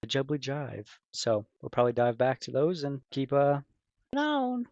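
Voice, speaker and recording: A man's voice: medium pitch, steady tone, moderate pace, creaky, darkish tone, no room sound. A man talks casually over his gameplay in a loose, rambling way, full of fillers and restarts. His voice sits in a middle register. The recording is dull, lo-fi and dry, with no room sound. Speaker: gaming video creator.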